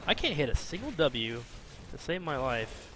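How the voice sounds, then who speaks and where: A man talks through his own match in casual gameplay commentary, his voice sitting a bit high for a man. He is chatty and self-mocking, swinging from excited bursts to muttered asides. A faint hum sits under the recording. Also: normal speed. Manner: chatty, self-mocking, jumps between excited outbursts and mumbling. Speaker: game commentator.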